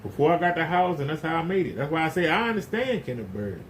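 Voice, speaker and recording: Man preacher, casual spoken sermon, emphatic and folksy, slightly high voice. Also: big pitch swings, fast talker, a little hiss or hum.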